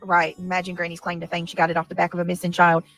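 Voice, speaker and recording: A woman's voice: fairly low pitch, completely flat delivery, very fast, fairly bright tone, faint music behind. A woman on a livestream, ranting angrily and profanely at her critics. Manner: profane, heated, rambling. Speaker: livestreamer in a played clip. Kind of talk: angry livestream rant.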